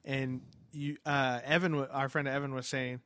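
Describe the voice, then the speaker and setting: A man's voice: mid-range voice, flat delivery, moderate pace, bright, forceful tone, dry recording. A man co-hosting a podcast in casual chat, laughing often and swearing as he acts out scared reactions. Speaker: podcast co-host.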